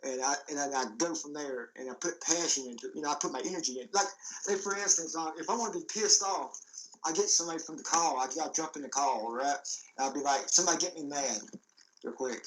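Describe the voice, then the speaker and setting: A man's voice: fairly high pitch, quick pace, fairly bright tone, a little hiss or hum, rough recording. A man hosting a casual podcast, rambling and stumbling through restarts as he explains himself. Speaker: podcast host.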